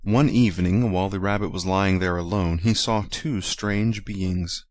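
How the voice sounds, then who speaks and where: A man reading a children's storybook aloud in a gentle, measured way. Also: sits low, fairly even intonation, no echo, studio quality.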